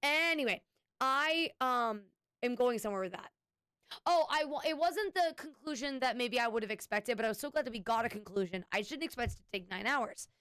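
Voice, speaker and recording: In studio-quality audio with no room sound, a woman speaks in a fairly high, animated, brisk voice that's fairly bright, clear, and resonant. She's a streamer chatting casually with her audience, rambling and often restarting with "anyway." Friendly and talkative, she thanks her subscribers.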